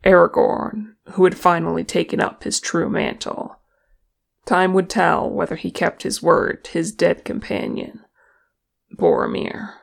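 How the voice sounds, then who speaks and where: Audiobook reader, fan fiction narration, gravelly tone, slow measured delivery. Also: medium pitch.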